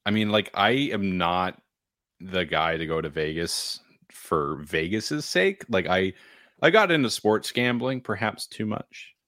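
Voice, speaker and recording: A young man from New Hampshire chatting casually as a podcast co-host, animated and laughing often. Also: sits low, no room sound, studio quality. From New Hampshire, USA. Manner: animated, laughing, quick asides. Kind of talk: casual chat.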